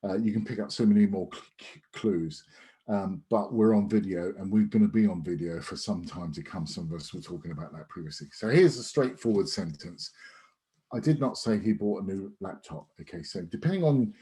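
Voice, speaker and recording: A man's voice: sits low, animated, a little fast, warm tone. A man teaching an online sales masterclass in a conversational, emphatic way, with frequent restarts and fillers. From United Kingdom. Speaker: sales trainer. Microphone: video call.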